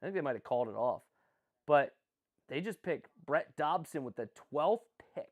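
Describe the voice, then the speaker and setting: Animated rambling man commentating live. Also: a little high, moderate pace, narrow, tinny audio. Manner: rambling, jokey, self-deprecating, chats with viewers. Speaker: livestream host.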